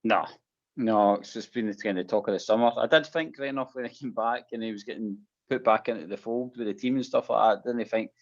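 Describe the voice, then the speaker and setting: Low-voiced Scottish man, rambling chat. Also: brisk. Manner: rambling, many restarts, says mate and aye a lot. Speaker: co-host of a fan phone-in show. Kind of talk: casual chat. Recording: muffled lo-fi audio.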